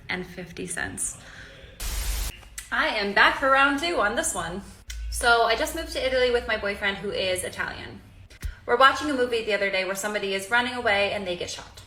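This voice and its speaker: Bright woman storyteller in an echoey room. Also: medium pitch. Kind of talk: casual storytelling to camera.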